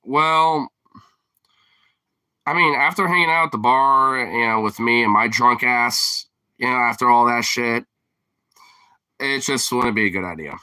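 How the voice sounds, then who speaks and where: Bright, rambling, profane casual man. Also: medium pitch, unhurried, pauses often, clean tone, no echo. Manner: rambling, profane, heavy on fillers; laughs often while talking. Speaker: streamer host. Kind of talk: casual chat.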